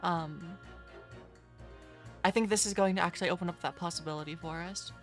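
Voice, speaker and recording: A woman's voice: lowish voice, fairly even intonation, fairly quick, faint music behind. A woman streaming a video game, chatting casually and self-deprecatingly as she reacts to the dialogue. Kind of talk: casual live-stream commentary while reading game dialogue.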